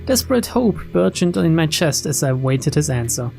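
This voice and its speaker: A man's voice: on the high side, big pitch swings, moderate pace, gravelly, a little mellow, faint music behind. A man hosting a let's play who reads game text aloud and adds dry, profane asides. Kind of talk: reading game text and commenting.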